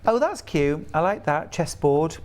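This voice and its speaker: A man's voice: fairly high pitch, very animated, measured pace, a little mellow. A middle-aged man from the UK presenting fabrics on a live shopping channel in a chatty, gushing, enthusiastic way.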